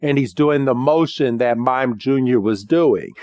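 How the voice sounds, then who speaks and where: A man co-hosting a podcast, giving a casual, animated recap and laughing often. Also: mid-range voice, measured pace, dry recording, muffled recording. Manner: animated retelling with frequent laughter. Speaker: podcast co-host.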